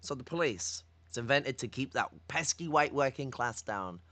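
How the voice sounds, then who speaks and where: Swearing northern man with a bright voice. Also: mid-range voice, animated, normal speed, no room sound. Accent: Northern English. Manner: profane, rambling, teasing. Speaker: livestream host. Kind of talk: political commentary livestream.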